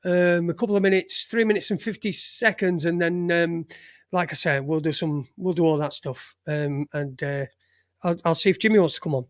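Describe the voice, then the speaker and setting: A man's voice: on the high side, fairly even intonation, normal speed. A man hosting a live online show in rambling, jokey banter, swearing freely. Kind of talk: casual live-stream chat.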